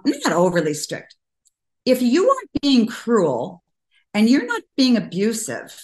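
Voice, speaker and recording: Older lady telling stories in an interview, earnest, kinda echoey room. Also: a little high. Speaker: guest. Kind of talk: conversational interview. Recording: roomy echo.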